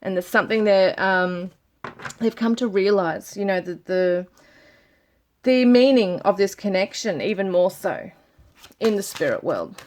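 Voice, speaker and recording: A woman's voice: medium pitch, lively intonation, measured pace, a little mellow, slight background noise. A woman giving a channelled tarot reading, overcome with emotion, close to tears and full of sighs and exclamations. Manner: emotional, breaking up and near tears; gushing, many sighs and exclamations. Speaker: tarot reader.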